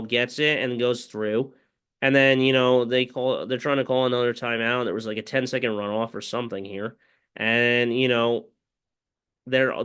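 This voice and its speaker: A man's voice: medium pitch, a bit bright, clean tone. A man giving a casual play-by-play recap of a football game as a fan, rambling and full of fillers. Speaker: fan commentator.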